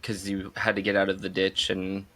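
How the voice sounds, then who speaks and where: A man's voice: low-pitched, completely flat delivery, moderate pace, a bit bright. A man co-hosting a podcast, trading dry, teasing remarks in casual chat. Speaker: podcast co-host.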